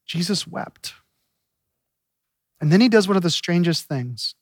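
A man's voice: sits high, expressive, fairly quick, a little mellow, no echo, clean studio sound. A man preaching a sermon in an earnest, conversational way, often restarting his sentences. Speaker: pastor.

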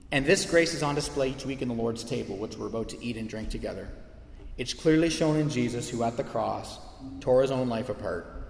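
A man's voice: medium pitch, gravelly. A man preaching a sermon as pastor, earnest and impassioned, with emphatic swells. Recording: echoey hall with long reverb.

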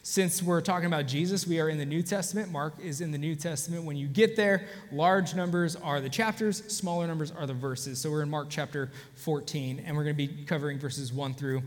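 Man pastor, casual sermon, fairly high voice, hall reverb. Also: fairly even intonation, a little fast, few pauses. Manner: conversational, frequent restarts, addresses audience directly. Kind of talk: sermon with personal story.

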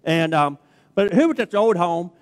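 A man's voice: sits high, expressive, moderate pace. A man preaching a sermon as a pastor, telling a story in a chatty way, keeps checking in with the crowd, then builds to emphatic preaching. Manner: chatty storytelling, checks in with "okay?" and "all right?". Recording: long reverb of a large hall.

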